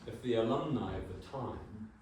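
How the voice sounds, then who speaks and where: A man's voice: mid-range voice, moderate pace, darkish tone, a little hiss or hum. A man in his sixties giving a conference talk as a brand designer. He speaks informally, with wry humor and the odd swear word. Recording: very echoey hall, mic far off.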